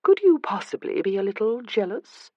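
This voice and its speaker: A woman's voice: mid-range voice, sing-song, normal speed, no room sound, muffled recording, pitched above the performer's own voice. Elizabeth, a woman reading a wry noblewoman. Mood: teasing. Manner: dry and teasing. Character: wry, perceptive noblewoman, teasing and composed. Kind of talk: audiobook character reading.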